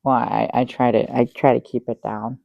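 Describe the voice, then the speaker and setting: An actor playing a bumbling middle-aged guest who rambles through a tall tale with many restarts, in improvised sketch comedy. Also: male voice, medium pitch, level tone, normal speed, creaky, dry recording, highs cut off. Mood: dry, halting. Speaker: guest on a comedy talk show.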